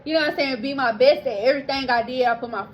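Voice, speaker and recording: Young woman vlogger, fairly high-pitched, telling her story in a loose, emotional, near-tearful way; slightly muffled recording. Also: racing, slight background noise. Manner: rambling, heartfelt, addresses listeners as y'all, swears casually. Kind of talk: casual personal storytelling.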